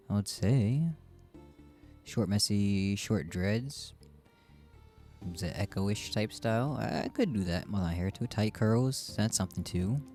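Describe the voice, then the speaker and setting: Low-voiced chatty male streamer. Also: dark tone. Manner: chatty, rambling, self-deprecating. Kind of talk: casual gameplay commentary.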